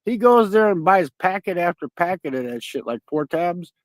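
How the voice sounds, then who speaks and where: A man's voice: high-pitched, animated, moderate pace, no room sound. A man hosting a stream, telling rambling, profane stories in casual chat. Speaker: stream host.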